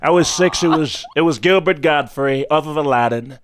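A male comedian chatting animated and loose as a guest, slipping into impressions now and then. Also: a little high, normal speed, noisy background. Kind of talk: casual interview chat.

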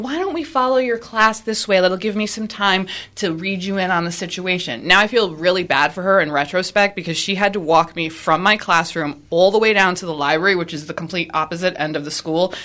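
A woman, a high school physics teacher, telling a personal story in a casual way, acting out the people she quotes. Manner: animated, acts out quoted people with jumps in pitch.

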